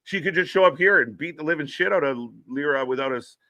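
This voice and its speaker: A man's voice: a little high, fast, bright, forceful tone, dry recording, lo-fi sound. A man co-hosting a live wrestling watch-along, chatting casually, swearing and reading out viewers' names. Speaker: co-host.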